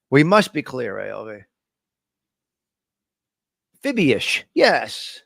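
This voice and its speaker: A man's voice: mid-range voice, very animated, slow, creaky, pauses often, breathy edge, no echo, clean studio sound. A man hosting a casual live stream, joking loosely and calling out his chat viewers by name. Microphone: desk microphone.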